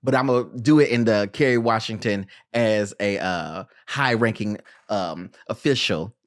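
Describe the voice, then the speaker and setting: A podcast host in casual film review chat, animated and joking with quick asides. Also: medium pitch, no room sound, clean studio sound.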